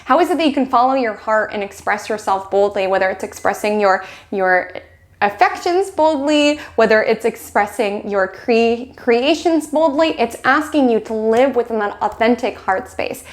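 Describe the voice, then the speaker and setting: A woman's voice: on the high side, animated, moderate pace. Bubbly chatty woman host. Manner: bubbly, chatty, acts out dramatic quotes. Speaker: astrology channel host. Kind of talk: casual chat to camera.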